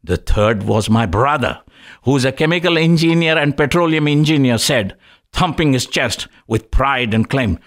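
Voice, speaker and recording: A man's voice: medium pitch, moderate pace. A middle-aged man hosting a healthcare talk show, telling anecdotes and jokes and acting out the people he quotes. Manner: animated storyteller who acts out quoted voices.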